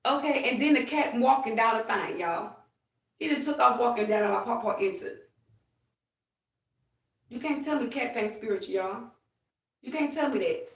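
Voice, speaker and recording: A woman chatting casually to her viewers during a livestream, animated, and now and then speaking to her late grandfather. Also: on the high side, moderate pace, long pauses, recorded from a distance. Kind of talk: casual live chat. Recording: roomy, off-mic phone audio.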